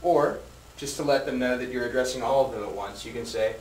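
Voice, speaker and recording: Male English teacher, steady mid-range voice, slow clear model sentences, roomy echo, mic set back. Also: mid-range voice, distant mic, a little hiss or hum. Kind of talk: recorded English grammar lesson.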